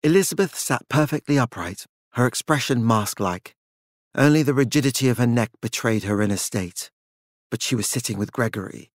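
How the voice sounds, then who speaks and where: This is a medium-pitched man narrating a scripted short story for an audiobook, keeping an even, measured storytelling pace. The sound is clean and studio-made, free of room ambience.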